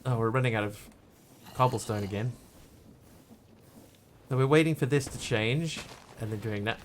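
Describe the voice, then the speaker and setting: A man with a New Zealand accent that leans slightly Australian, rambling through a game stream and answering chat as he goes. He stops and restarts often, filling gaps as he thinks. His voice sits in an ordinary middle pitch, with a faint hiss of background noise. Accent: New Zealand, with some Australian. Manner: rambling, halting, reads chat aloud. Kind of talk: casual live-stream chat while gaming.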